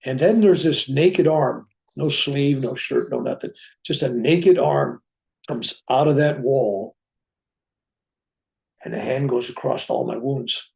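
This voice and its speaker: A reverend telling a personal spiritual story, acting out what people said along the way. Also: male voice, medium pitch, slow, gravelly. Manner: animated, acts out dialogue in his own voice. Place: room at home with a bookcase.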